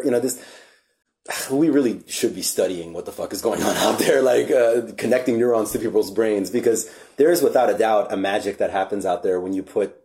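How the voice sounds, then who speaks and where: Man, podcast host, mellow dark voice, relaxed, reflective. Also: mid-range voice. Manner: relaxed, reflective, swears casually. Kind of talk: casual podcast chat.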